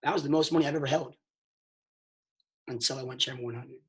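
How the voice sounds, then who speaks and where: A man telling a motivational story on a mentorship call, emphatic and excitable, swinging between hushed and loud and calling listeners "bro". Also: mid-range voice, fast talker. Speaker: network marketing mentor.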